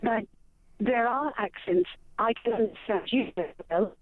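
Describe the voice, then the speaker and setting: A woman's voice: a little high, normal speed, dry recording. An older woman calling into a radio phone-in, polite and slightly rambling. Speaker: caller. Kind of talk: phone-in call. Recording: tinny, dry phone line.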